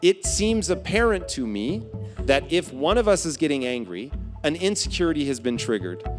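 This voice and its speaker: A man's voice: fairly high pitch, sing-song, normal speed, long reverb tail, faint music behind. A man on a podcast telling a personal story with emphasis, repeating key phrases for effect. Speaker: podcast guest.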